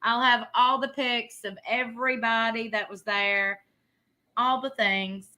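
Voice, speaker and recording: A woman's voice: on the high side, steady tone, a little slow, pushed and bright. A woman, hosting a live stream and talking bluntly and sassily, laughing often. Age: 30s. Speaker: livestream host. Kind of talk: casual live commentary.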